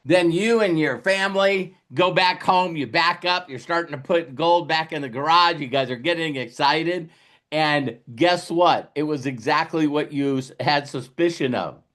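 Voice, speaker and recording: A man's voice: a little high, moderate pace. A man giving a motivational business talk, telling a story with lots of repeated words and restarts, acting out what people say. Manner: animated storytelling, acting out quotes. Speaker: business coach.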